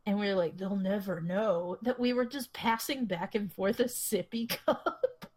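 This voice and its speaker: A woman's voice: a little high, normal speed, darkish tone, breathy edge. A young woman co-hosting a podcast, telling stories in a rambling way, swearing freely and laughing often. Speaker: podcast co-host. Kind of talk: casual chat.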